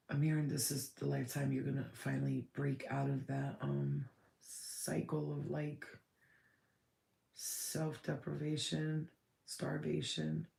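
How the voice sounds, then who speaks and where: Woman, very gravelly voice, mellow tone, rambling channeled reading, echoey room. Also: low-pitched, completely flat delivery, takes it slowly. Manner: rambling, blunt, swears freely. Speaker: spiritual channeler. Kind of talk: casual channeled message reading.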